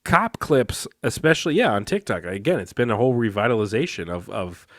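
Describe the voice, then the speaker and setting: A man's voice: lowish voice, lively intonation, brisk, fairly bright tone, no echo, studio quality. A man co-hosting a podcast in casual chat. He rambles with lots of filler words and laughs often as he talks. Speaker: podcast co-host.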